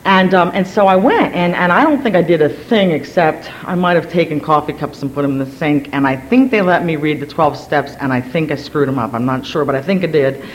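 A woman from Virginia telling her recovery story to a gathering, energetic and hyper, rambling with many restarts and self-deprecating asides. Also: sits low, fairly quick, hardly any pauses, slight background noise, poor audio. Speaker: speaker sharing at a recovery gathering. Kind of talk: personal story told to a gathering.

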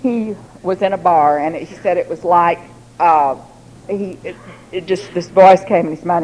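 A woman telling a personal story to a recovery group, lively and laughing, acting out the voices she quotes. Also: on the low side, unhurried, low-quality recording. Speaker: recovery meeting speaker.

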